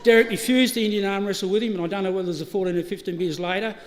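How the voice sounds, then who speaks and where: Australian man, middle-aged, high voice, laughing through stories, long hall reverb. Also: steady tone, racing. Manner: chatty, laughing, frequent restarts. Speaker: eulogy speaker. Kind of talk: storytelling eulogy. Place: funeral service hall. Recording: hall reverb, live stream.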